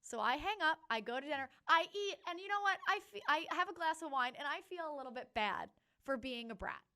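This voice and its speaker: A young woman co-hosting a podcast, telling a story in a casual, animated way and acting out what people said. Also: high-pitched, a little fast. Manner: animated, laughing, acts out quotes. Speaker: podcast co-host.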